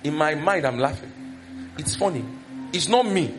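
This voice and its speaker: A man's voice: a little high, moderate pace, faint music behind. A man with a Nigerian accent preaching a sermon as pastor, acting out gossip and scolding in a raised voice. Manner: animated, acts out scolding and village gossip in raised voice.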